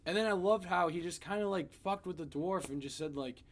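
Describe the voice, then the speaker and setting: A man giving a casual spoiler review of a film, retelling scenes in an animated, profane way. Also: high-pitched, fairly quick.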